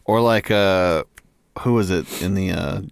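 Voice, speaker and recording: A man's voice: deep voice, unhurried, creaky, clean tone, dry recording, clean studio sound. A man co-hosting a podcast in casual chat, laid-back, chuckling often and swearing. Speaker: podcast co-host.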